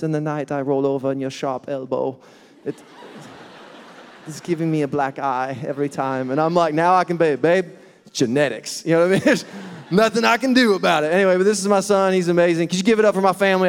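A man's voice: fairly high pitch, clean tone. A man in his thirties preaching, telling a funny family story and laughing at himself. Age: 30s. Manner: lively storyteller, laughs at himself, acts out quotes. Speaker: pastor. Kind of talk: sermon with humorous personal story. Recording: long reverb of a large hall.

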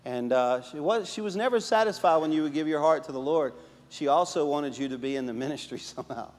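A man who pastors a church, preaching a sermon and telling stories, swinging between emphatic and hushed delivery. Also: fairly high pitch, a little fast, long reverb tail. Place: church sanctuary.

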